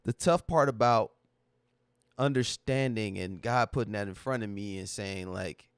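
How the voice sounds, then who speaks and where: A man's voice: lowish voice, measured pace, clear, resonant tone, no room sound, studio quality. A man hosting a livestream, talking casually to his chat in a candid, emotional, slang-heavy way that repeats itself. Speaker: livestream host.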